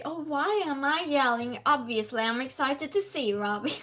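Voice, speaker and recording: A woman's voice: high voice, normal speed, a bit bright, soft background music. A woman hosting a casual live-stream game night, chatting, laughing often and greeting viewers by name from her desk at home.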